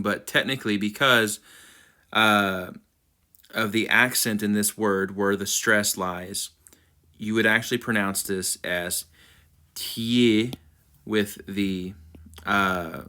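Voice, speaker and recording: A man's voice: lowish voice, sharp tone, smooth. A man teaching choir diction, patiently sounding out words syllable by syllable. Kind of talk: instructional diction walkthrough.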